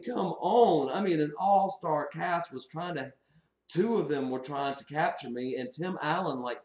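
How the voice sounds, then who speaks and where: A man tells a wild story straight to his viewers, his voice mid-pitched and easygoing, often breaking into laughter as he goes. The room around him rings with a noticeable echo. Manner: animated, laughs often while recounting. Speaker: channel host. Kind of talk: casual storytelling to camera.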